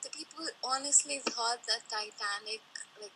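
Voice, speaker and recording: A young woman in her twenties with a very bright, sharp voice, pitched a little high, chatting casually on a podcast. She reacts quickly and animatedly, and faint room noise is heard behind her. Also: low-quality recording. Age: young adult. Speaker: podcast co-host. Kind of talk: casual chat.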